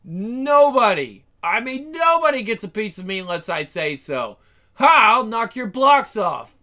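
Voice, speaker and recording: A man voicing a cocky, sarcastic male action hero in a one-man game fan dub, trading one-liners and battle yells. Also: high voice, big pitch swings, normal speed, heavily acted.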